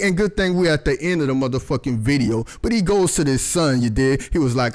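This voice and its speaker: A man reviewing a show in casual, animated commentary, swearing constantly. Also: on the high side, a little fast, hardly any pauses.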